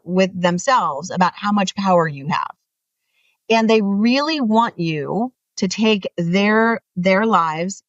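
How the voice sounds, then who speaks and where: A woman author being interviewed, talking earnestly and animatedly, often rising in pitch to make a point. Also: dry recording, distant mic, lo-fi sound. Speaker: author guest. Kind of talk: interview conversation.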